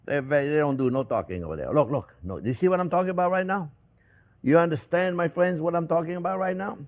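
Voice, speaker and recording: A man's voice: a little high, fast talker. An older man with a French accent, hosting a cooking demonstration in a chatty way, laughing at himself as he works. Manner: chatty, animated, self-mocking asides with chuckles. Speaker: cooking show host.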